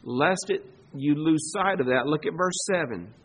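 High-voiced man preaching a sermon. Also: unhurried, slightly rough. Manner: dramatic, acts out quoted voices with big swings in loudness. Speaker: pastor.

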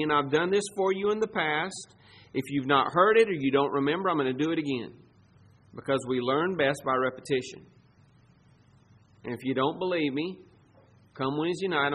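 High-voiced man preaching a sermon. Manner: preaching with shifting emphasis, loud and soft swings. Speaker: pastor.

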